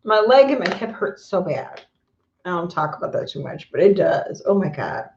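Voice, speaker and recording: A woman's voice: on the low side, very animated, moderate pace, gravelly, a little mellow. A middle-aged woman chatting casually on a live stream at home, talking to viewers and her pets, recorded on a phone or camera mic. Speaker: vlogger. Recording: echoey room, dull lo-fi sound.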